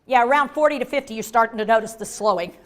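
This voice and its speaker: A woman giving a lively live workshop on dementia care, acting out inner voices and joking with the audience. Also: a little high, fast. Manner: animated, acts out inner voices, jokey asides to the audience.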